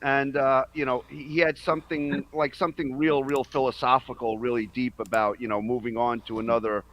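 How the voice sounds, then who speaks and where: A man's voice: medium pitch, flat delivery, brisk, fairly bright tone, lo-fi sound. A man joining a casual podcast chat, friendly and hesitant, with many ums and restarted sentences.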